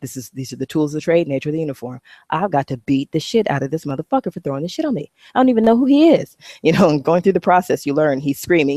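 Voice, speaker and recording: A woman vlogging a casual, profane, sarcastic rant, animated and acting out voices. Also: low-pitched, quick pace, few pauses, no room sound, clean studio sound. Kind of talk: casual ranting monologue.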